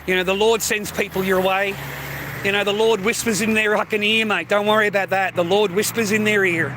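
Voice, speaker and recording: Older Australian bloke hosting a livestream, high and bright voice, foul-mouthed casual rambling, faint noise behind. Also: male voice, steady tone, brisk. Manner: swears constantly, calls listener mate and bro. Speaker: livestream host. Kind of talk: casual rambling monologue to viewers.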